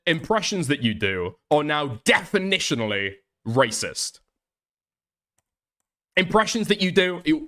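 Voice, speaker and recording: Male commentary streamer, bright lively voice, blunt and exasperated, swears freely. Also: a little high. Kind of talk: reading and reacting to posts.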